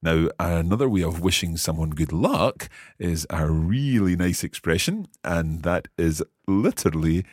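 A man hosts a language podcast lesson, upbeat and explanatory. His voice is very low and a touch husky, with lively pitch, recorded dry and close. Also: unhurried, hardly any pauses, no echo. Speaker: language teacher and podcast host.

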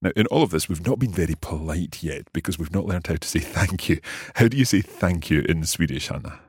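A man with a very low, deep voice hosts a language lesson, asking curious questions and trying out each new phrase slowly. He chuckles often as he goes, and the recording is close and dry. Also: expressive, a little mellow, breathy edge, no room sound. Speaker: podcast host and learner.

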